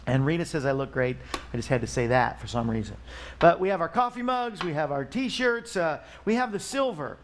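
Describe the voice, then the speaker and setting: Chatty higher-voiced male talk show host. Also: lively intonation, brisk, slight background noise. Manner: chatty, rambling, pleading for donations. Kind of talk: casual live talk show chat. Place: Missouri studio.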